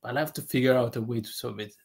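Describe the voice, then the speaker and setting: Dude on a video call, mid voice, rambles a lot, says you know constantly. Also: male voice, mid-range voice, racing, creaky, breathy edge. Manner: rambling, many fillers, laughs between points. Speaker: guest. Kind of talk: casual conversation over video call.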